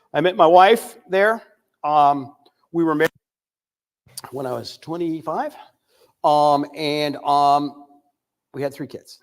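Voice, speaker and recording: An older man from the United States giving a candid recovery testimony, telling his story with frequent pauses and fillers. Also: fairly high pitch. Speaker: recovery speaker.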